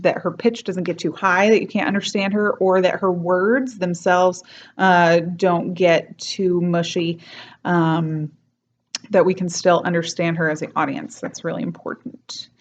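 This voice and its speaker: A young woman, a teacher, explaining and slowly demonstrating accent sounds from her home in a chatty way. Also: fairly low pitch, little pitch movement, lo-fi sound. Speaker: dialect coach and teacher. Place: home, decorated for Christmas.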